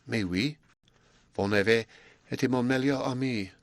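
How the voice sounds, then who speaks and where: A man voicing a shy, earnest young Belgian woman, speaking softly and hesitantly. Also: mid-range voice, moderate pace, no room sound, lightly acted. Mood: shy, tender. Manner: soft, quiet and hesitant.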